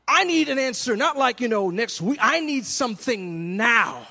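A male preacher delivering a sermon, swinging from shouted cries to hushed questions in a half-sung preaching cadence. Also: very high voice, animated, normal speed, creaky, few pauses. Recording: long hall reverb.

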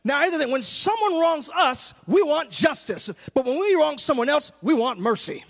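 Male preacher, high voice, lively sermon with acted-out asides, long hall echo. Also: moderate pace, gravelly. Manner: animated, acts out little scenes, shouts for emphasis.

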